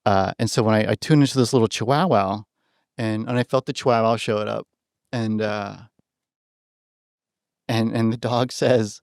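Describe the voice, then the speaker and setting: A man guest on a podcast, telling stories in a casual, animated way, often asking "right?" and restarting his phrases. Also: fairly low pitch, normal speed, creaky, pauses often, no room sound, studio quality. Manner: animated, acts out quoted voices, keeps adding "right?"; restarts and repeats words while thinking aloud. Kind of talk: casual storytelling in conversation.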